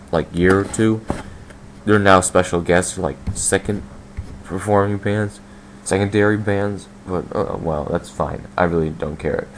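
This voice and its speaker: A man's voice: deep voice, a little hiss or hum. A man hosting a casual solo podcast, rambling and blunt, swearing freely and filling gaps with "um" and "I mean". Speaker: podcast host.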